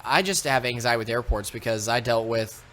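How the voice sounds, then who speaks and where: Man, animated and swearing, casual podcast chat, faint room noise. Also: medium pitch, fairly quick. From Texas. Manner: animated, swearing, acts out quoted voices. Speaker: podcast co-host.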